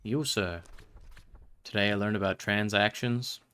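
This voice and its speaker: A man's voice: fairly low pitch, steady tone, a little slow, pushed and bright, smooth. A man streaming a game, chatting to viewers in a rambling, self-mocking way. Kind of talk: casual live-stream chatter.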